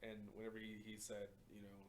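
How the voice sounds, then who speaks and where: A man, co-hosting a podcast and telling profane, animated stories with lots of laughter. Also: on the low side, fast. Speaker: podcast co-host. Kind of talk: casual storytelling chat. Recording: faint background noise.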